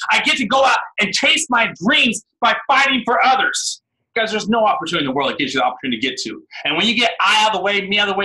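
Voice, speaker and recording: A man in his thirties giving a fired-up motivational pep talk on a team call, shouting often and calling the listeners "guys" and "man". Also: high-pitched, rough recording. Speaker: guest speaker on a team call.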